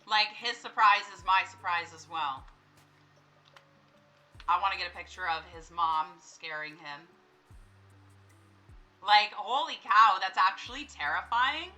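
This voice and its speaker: A woman's voice: medium pitch, lively intonation, a little slow, long pauses, sharp tone, faint music behind, poor audio. A young woman giving casual let's-play commentary, chatting to the characters on screen and breaking into startled, laughing screams. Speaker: gameplay streamer.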